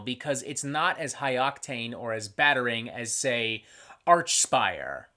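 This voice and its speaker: A man hosting a metal album review show. He talks in an energetic, scripted monologue full of swearing and sarcastic asides. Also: medium pitch. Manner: animated, profane, sarcastic asides.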